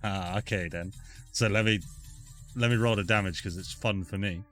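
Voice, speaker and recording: Guy dming, lowish voice but real bright, music under it, gets dramatic. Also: moderate pace. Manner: dramatic, swears freely. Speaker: dungeon master. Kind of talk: narrating a tabletop game.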